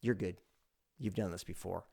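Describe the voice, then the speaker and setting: A man hosting a sales advice show, talking straight to the viewer in a conversational coaching way, acting out meeting lines with sudden loud bursts. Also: low-pitched, fairly even intonation, normal speed, gravelly, breathy edge. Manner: conversational, coaching in second person. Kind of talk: direct-to-camera advice talk.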